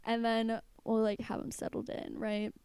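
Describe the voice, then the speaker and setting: A woman's voice: fairly high pitch, monotone, moderate pace, a little mellow, smooth, dry recording. A woman in her twenties co-hosting a podcast, telling rambling stories with lots of giggles in a casual chat. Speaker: podcast co-host.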